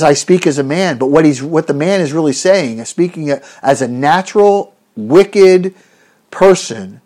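A man's voice: on the high side, darkish tone. A man preaching an expository sermon in an earnest, emphatic way, rising on rhetorical questions and often restarting his phrases.

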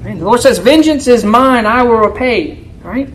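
At a normal speed, a man preaches an expository sermon in his role as a church elder, forcefully and with a habit of asking his audience "right?" He swings from raised pleas to low, quiet asides. The recording is rough, with a little hiss or hum.

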